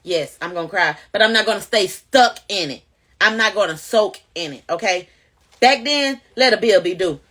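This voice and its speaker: Woman, casual testimony to camera, animated and preachy, bright tone. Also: mid-range voice, moderate pace. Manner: animated, preachy, addresses viewers directly. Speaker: vlogger sharing testimony.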